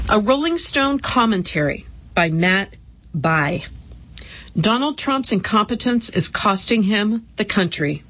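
Woman, article narrator, measured read-aloud pace, mid pitch, muffled lo-fi audio. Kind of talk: scripted narration of magazine articles.

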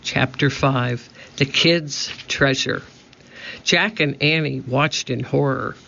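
Male audiobook narrator, slow and gravelly, lo-fi recording. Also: medium pitch, pushed and bright. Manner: slow, measured reading. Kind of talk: scripted storybook narration. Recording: dull lo-fi recording.

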